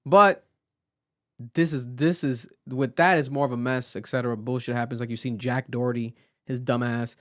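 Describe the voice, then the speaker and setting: A man on a podcast, talking in a loose, animated way with many fillers and restarts. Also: mid-range voice, moderate pace, dry recording, studio quality. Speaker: podcast co-host. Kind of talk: casual podcast chat.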